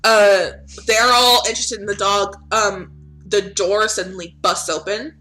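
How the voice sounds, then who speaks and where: A woman's voice: mid-range voice, fairly even intonation, a little slow, sharp tone. A woman game master narrating a tabletop game in a casual, chatty way, full of fillers and swearing.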